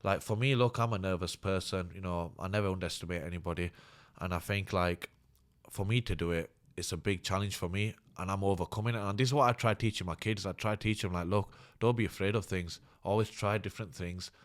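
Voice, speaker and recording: A man's voice: low-pitched, fast talker. A man, a fighter talking candidly and earnestly as an interview guest. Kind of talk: casual interview talk.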